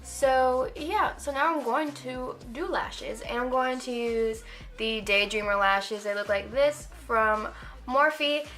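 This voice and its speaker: A woman's voice: a little high, takes it slowly, a bit bright, soft background music. An eighteen-year-old woman talking through a casual makeup tutorial, chatty and rambling with lots of "like" fillers. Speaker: makeup vlogger.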